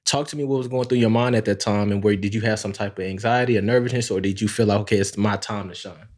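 A man's voice: lowish voice, fairly even intonation, rapid-fire, a little mellow. A man interviewing in a casual podcast chat, encouraging and affirming, asking leading questions.

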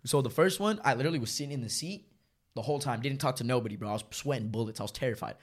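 A young man in casual chat with friends, telling animated, profanity-heavy stories peppered with "like" and "bro". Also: mid-range voice, rapid-fire. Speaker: storyteller guest.

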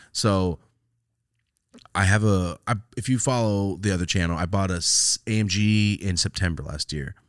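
A man hosting a casual podcast, telling stories in an animated way, swearing freely and laughing often. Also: sits low, no echo, clean studio sound. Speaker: podcast host.

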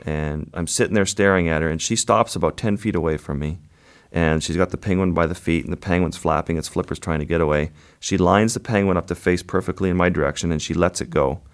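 A man speaks in a low, deep register as an interview guest. He is a photographer recounting his story piece by piece, pausing and reaching for words, then painting the scene in vivid detail. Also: fairly even intonation. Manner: halting, vivid storytelling with pauses and fillers.

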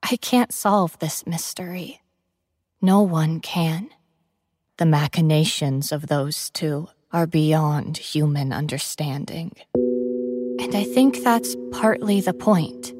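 A woman narrating a first-person horror story in a measured, grave way. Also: low voice, darkish tone. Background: music.

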